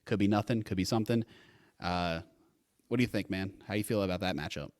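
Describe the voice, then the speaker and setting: A man's voice: deep voice, fast, a little mellow, dry recording, clean studio sound. A man co-hosting a casual sports talk show, speaking in an enthusiastic, rambling way. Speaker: co-host.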